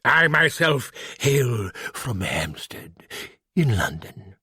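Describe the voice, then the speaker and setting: A man's voice: very animated, pushed and bright, husky, no echo, studio quality, exaggerated voice. A man doing a polite, refined cave monster. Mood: courteous. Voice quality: deep garbled voice, refined British. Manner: slow, courteous, apologetic.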